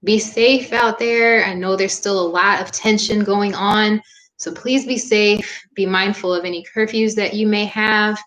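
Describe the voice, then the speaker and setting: A young woman yoga instructor wrapping up a live-streamed class, talking in a warm, earnest and chatty way with frequent "um" fillers. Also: medium pitch, steady tone, unhurried. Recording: echoey room.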